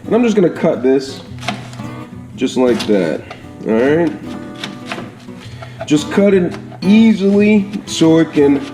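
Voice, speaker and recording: A man talks through a home cooking demo in a relaxed, easygoing way, his voice mellow and warm. The kitchen sounds roomy and echoey, with soft guitar music faintly behind him. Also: fairly high pitch, slow pace, long pauses. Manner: chatty, repeats "all right?" and "absolute goodness". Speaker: home cook. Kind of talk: casual cooking demonstration.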